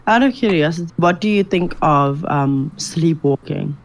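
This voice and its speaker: Animated woman telling a funny story. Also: low voice, moderate pace, low-quality recording. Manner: animated storyteller, laughs often. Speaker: podcast co-host. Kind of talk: casual comedic chat.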